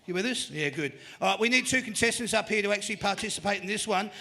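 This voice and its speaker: A man's voice: high voice, lively intonation, fast talker, gravelly, bright, forceful tone. A man with an Australian accent hosting a live panel show, running a quiz with upbeat jokes. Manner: upbeat, joking quizmaster. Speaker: host. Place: live venue.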